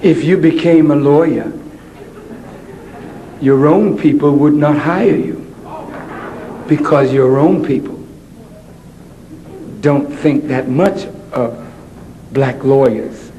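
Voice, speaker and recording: A man voicing a patronizing schoolteacher gently talking down to a student, in a lowered voice. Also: takes it slowly, pauses often, highs cut off, slight background noise. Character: condescending schoolteacher talking down to a pupil.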